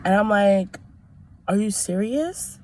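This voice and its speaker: A woman's voice: mid-range voice, expressive, slow, darkish tone, a little hiss or hum. A young woman telling a personal story in a casual vlog, chatty and rambling with many fillers and restarts. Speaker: vlogger.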